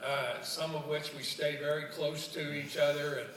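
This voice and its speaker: Speaking at a moderate pace in a fairly bright, level voice on the high side, the same kind of speaker, an older Ohio man and former coach, delivers a folksy luncheon talk with jokes and stories. He repeats words when restarting, and the roomy student union hall, distant mic and faint room noise shape the sound.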